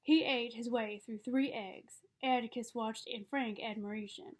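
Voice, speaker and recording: Woman reading a novel out loud, measured, fairly high voice. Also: fairly even intonation. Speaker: audiobook reader.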